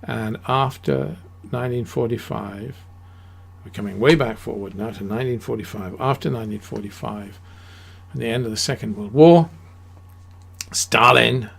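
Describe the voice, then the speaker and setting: A man's voice: mid-range voice, moderate pace, creaky, fairly bright tone. A man giving an unscripted history talk, rambling and emphatic, with many fillers and restarts. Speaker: history lecturer.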